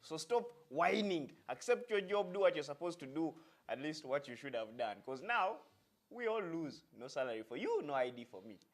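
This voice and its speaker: A man's voice: fairly high pitch, sing-song, moderate pace. A man with a Ugandan accent, hosting a satirical news segment with sarcastic, mock-serious delivery. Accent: Ugandan English.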